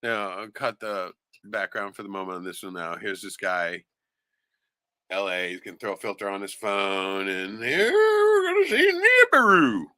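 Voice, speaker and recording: A man's voice: low voice, little pitch movement, moderate pace, bright, forceful tone, smooth, no echo. A man giving sarcastic, profane commentary on video clips as the host of a streamed show. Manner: sarcastic, swears a lot.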